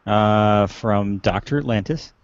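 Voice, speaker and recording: A man's voice: lowish voice, takes it slowly, dry recording. A man moderating a panel chat, hesitant and full of fillers. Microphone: video call. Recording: dry, lo-fi video call audio.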